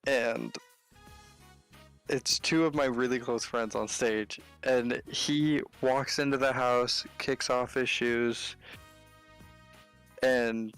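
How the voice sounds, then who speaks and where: A man co-commentating on a game stream, telling a rambling anecdote in a relaxed, casual way. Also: mid-range voice, takes it slowly, long pauses, clear, resonant tone, faint music behind. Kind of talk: casual storytelling.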